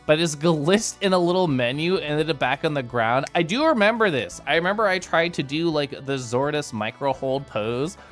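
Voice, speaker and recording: A man's voice: a little high, expressive, moderate pace, few pauses, fairly bright tone. Man, casual stream chat, giggly, chatty, faint music in the background. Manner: giggly, bubbly, chatty with many asides. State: tipsy from whiskey earlier. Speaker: streamer recapping VR chat meetups. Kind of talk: casual livestream chat to viewers.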